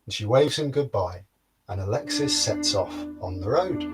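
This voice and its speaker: A man telling a folktale in a lively, rhythmic storytelling manner, with playful sound words. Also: on the low side, moderate pace, faint music behind.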